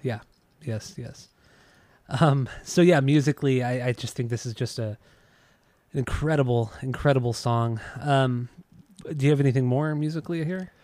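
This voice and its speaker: Relaxed, teasing podcast co-host man. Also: mid-range voice, normal speed, no room sound. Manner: relaxed, teasing, hesitant fillers. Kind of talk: casual music podcast chat.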